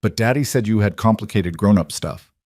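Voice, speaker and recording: Brief: an earnest, worried eight-year-old girl from a storybook, read by a low-voiced man. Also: a little fast, darkish tone, no room sound, studio quality, natural voice. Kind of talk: storybook reading.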